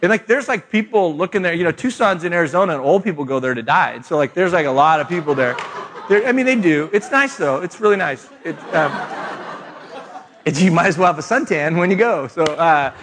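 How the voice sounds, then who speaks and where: A man's voice: on the high side, expressive, a little fast, a bit bright. A middle-aged man speaking at a retreat, telling a funny family story with self-mocking jokes and laughter. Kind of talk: humorous retreat talk.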